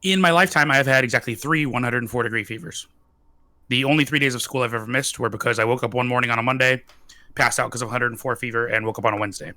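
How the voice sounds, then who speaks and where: Man in his thirties, whiskey show host, bright forceful voice, teasing, quick bursts. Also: medium pitch. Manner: joking, teasing, talks fast in bursts. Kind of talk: casual live-stream chat.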